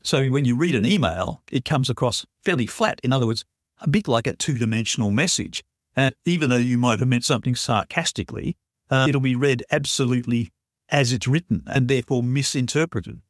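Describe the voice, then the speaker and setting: A man's voice: mid-range voice, a little fast, dry recording, clean studio sound. A man co-hosting a radio motoring show, explaining points in an agreeable way with occasional hesitations. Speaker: radio co-host and motoring reviewer. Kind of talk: conversational radio talk.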